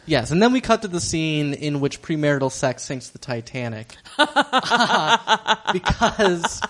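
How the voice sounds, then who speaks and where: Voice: medium pitch, very animated, slow pace, a bit bright. Dry, wry podcast co-host. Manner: dry, wry, laughs often. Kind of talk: comedic movie recap chat.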